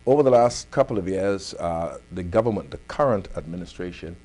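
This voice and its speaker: Firm, low-voiced Bahamian male host. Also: animated, dark tone. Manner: firm, deliberate advocacy. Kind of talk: community affairs talk show.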